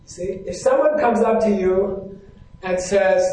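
Brief: male Buddhist teacher, higher-pitched voice, keeps quizzing the room, heavy hall echo. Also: slow pace, dark tone, distant mic. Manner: keeps checking in with the audience, asking questions. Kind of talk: live teaching talk to an audience. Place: hall with a stage. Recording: very echoey hall.

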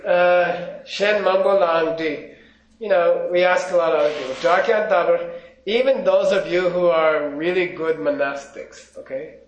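A man with a slightly high voice teaches a Buddhist class, reading Tibetan phrases slowly and then unpacking them with casual jokes for his students. The lo-fi recording sounds dull and roomy, as if taped in a teaching hall. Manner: casual, joking asides to the class, reads Tibetan lines slowly. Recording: echoey, dull lo-fi room recording.

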